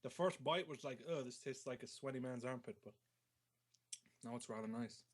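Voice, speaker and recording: A man's voice: mid-range voice, moderate pace, a little hiss or hum. A man co-hosting a casual internet radio chat, swearing freely and laughing easily. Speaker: co-host.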